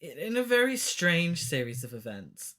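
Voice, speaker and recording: Halting and prone to restarts, a mid-range-voiced podcast co-host talks loosely about a film. The commentary stays flat and deadpan throughout.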